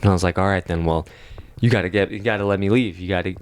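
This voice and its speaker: A man's voice: low voice, steady tone, fast, clear, resonant tone, dry recording. A young man telling a long dream story on a podcast, rambling with lots of fillers and swearing. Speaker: podcast co-host. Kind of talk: casual storytelling.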